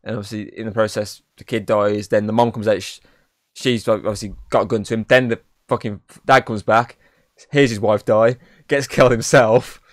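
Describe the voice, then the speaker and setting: A man's voice: on the low side, steady tone, normal speed, no room sound, studio quality. Rambling young man reviewing a film. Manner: rambling, says "obviously" constantly, swears freely. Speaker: podcast co-host. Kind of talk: casual film review chat.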